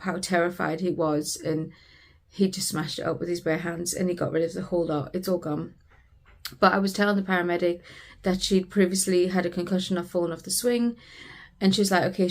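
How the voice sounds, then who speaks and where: A British woman recounts a family story in an earnest, heartfelt vlog. Her voice sits a little low and stays fairly flat in pitch, with little rise and fall. She talks in a personal storytelling way. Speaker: family vlogger.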